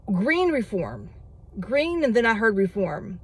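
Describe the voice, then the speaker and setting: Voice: mid-range voice, slow pace, husky, no room sound. A prediction vlogger in a casual solo monologue, rambling and getting worked up. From United States. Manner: excitable, gets worked up, rambling.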